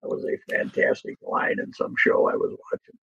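A man's voice: normal speed, a bit bright, a little hiss or hum. A man chatting casually about sports as a guest, rambling and chuckling through stories. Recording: muffled lo-fi line.

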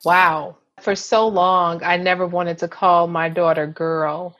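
A woman co-hosting a casual conversation, speaking in a lively, animated way. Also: lowish voice, muffled recording. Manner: lively, animated, quick to jump in.

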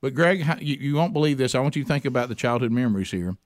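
A man's voice: mid-range voice, expressive, rapid-fire, no echo, clean studio sound. A middle-aged man telling a long story in casual chat, rambling, with many restarts.

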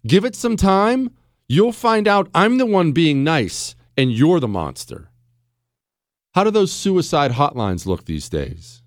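A man's voice: a little high, no echo. A man hosting a talk radio show, delivering a blunt, lecturing monologue into a studio microphone. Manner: blunt, lecturing, acts out other people's voices.

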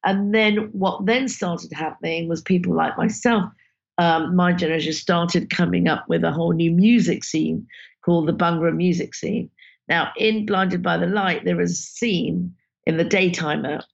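A woman, a filmmaker guest telling animated stories in an interview and acting out the people she quotes. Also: lowish voice, normal speed, vocal fry, lo-fi sound. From Britain. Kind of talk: conversational interview storytelling.

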